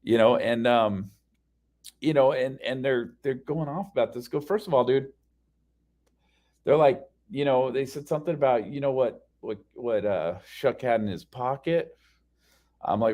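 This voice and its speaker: A man's voice: mid-range voice, animated, moderate pace, a little mellow. A man telling a story as a casual rant, heated and profane, with frequent fillers. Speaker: podcast ranter.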